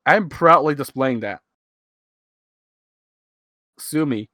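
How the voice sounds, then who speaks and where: A man's voice: mid-range voice, expressive, slow pace, pushed and bright, no echo, studio quality. A man in his twenties from Hong Kong with a half-American Hong Kong English accent. He rambles and chuckles through casual commentary into a cheap USB mic. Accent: Hong Kong English, partly American-leaning. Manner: rambling, chuckling, self-mocking. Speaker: streamer commenting on his old video. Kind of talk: casual live-stream commentary. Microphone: cheap USB microphone.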